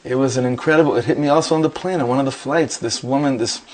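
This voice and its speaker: Animated storytelling man, mid pitch. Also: fast talker. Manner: animated anecdotes with quoted dialogue. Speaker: rabbi teaching a class. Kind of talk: storytelling before a Torah class.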